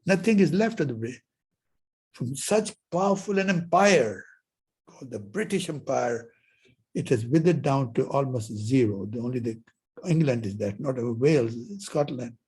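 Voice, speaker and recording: A man's voice: medium pitch, expressive, normal speed, a little mellow, slightly rough. A man giving a university lecture as professor, telling stories and acting out the dialogue. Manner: storytelling, acts out dialogues. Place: lecture hall.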